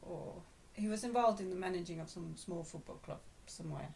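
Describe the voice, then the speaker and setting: A woman's voice: on the low side, fairly quick, creaky, dark tone, slight background noise. A woman chatting casually at home as a vlog co-host, often trailing off and laughing. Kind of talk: casual chat.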